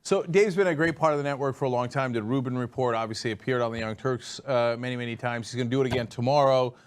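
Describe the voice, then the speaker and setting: A man hosting a talk show, bantering loudly with laughs and animated asides. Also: mid-range voice, fast, clear, resonant tone. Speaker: host.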